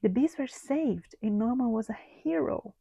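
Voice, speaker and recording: A woman reading a children's story aloud in a slow, gentle storytelling manner. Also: fairly high pitch, expressive, vocal fry, slightly rough, dry recording, rough recording.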